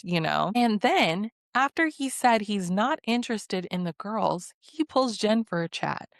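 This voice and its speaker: A woman's voice: mid-range voice, no room sound, clean studio sound. Chatty, sarcastic young woman. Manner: chatty, sarcastic, laughs often, blunt with swearing. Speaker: recap vlogger. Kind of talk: casual reality-show recap.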